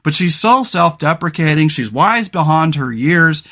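A man's voice: fairly high pitch, animated, measured pace, fairly bright tone. A man hosting a solo podcast in casual talk, rambling and frank, with many fillers and restarts. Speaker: podcast host.

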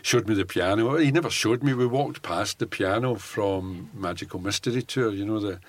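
Husky Scottish older man telling stories. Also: lowish voice, moderate pace. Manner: animated storyteller who laughs often and acts out dialogue. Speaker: former undercover police officer, guest. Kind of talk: anecdotal storytelling in an interview.

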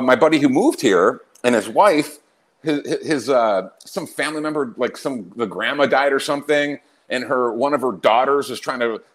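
A man hosting a podcast, ranting in a brash, mocking way and laughing often in casual, profane chat. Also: medium pitch. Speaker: podcast host.

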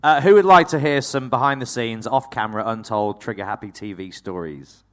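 A man's voice: mid-range voice, brisk. A man hosting a live talk show, prompting his guest and calling out to the audience. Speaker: host.

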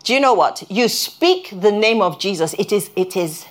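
A woman's voice: medium pitch, expressive. Earnest woman preaching a sermon. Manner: earnest, halting restarts, rises when stirred. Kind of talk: sermon with personal testimony.

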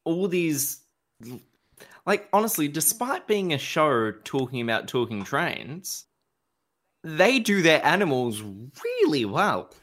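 A man's voice: on the high side, very animated, a bit bright. A man co-hosting a podcast in casual chat, drawing out his words and laughing along. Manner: slow, drawn-out delivery with laughs. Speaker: podcast co-host.

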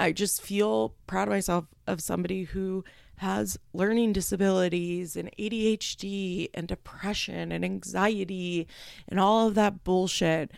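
A woman's voice: on the low side, gravelly, dry recording, studio quality. A young woman hosting her podcast alone, rambling and tearful as she speaks with casual swearing. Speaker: podcast host. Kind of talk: solo podcast announcement.

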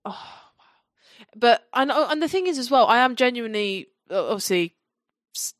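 A woman co-hosting a podcast, chatting casually in a gushing, excitable way and sometimes reading from her notes. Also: on the high side, normal speed, no room sound, studio quality. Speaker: podcast co-host. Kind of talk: casual fan chat.

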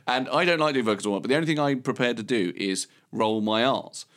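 A man's voice: medium pitch, fast talker, a bit bright. A man co-hosting a podcast, chatting in a rambling, playful way and laughing at himself. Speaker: podcast co-host. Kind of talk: casual chat.

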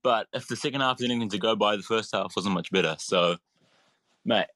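A man's voice: fairly low pitch, sharp tone, dry recording. A man from New Zealand calling in late at night, exasperated about his team and repeating "mate". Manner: fast, exasperated, keeps saying mate. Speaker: caller. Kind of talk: casual phone-in.

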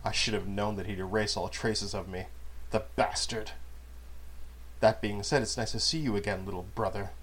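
A man's voice: fairly low pitch, fairly even intonation, normal speed, fairly bright tone. A man voicing a mocking, cruel male outcast in a story reading, with a sneering, theatrical delivery.

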